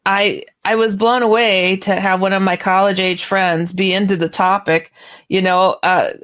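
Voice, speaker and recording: A woman guest author telling a story on a radio interview, animated and chatty, laughing now and then. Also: lowish voice.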